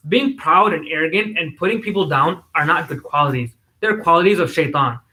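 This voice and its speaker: A man's voice: fairly high pitch, animated, brisk, low-quality recording. A man voicing a wise older sister. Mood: advising. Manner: gentle, advising.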